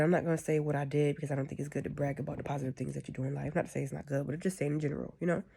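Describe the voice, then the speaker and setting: A woman's voice: low-pitched, vocal fry, a little mellow. A woman giving a casual, rambling spiritual monologue, often checking in with "you know what I'm saying.". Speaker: spiritual speaker.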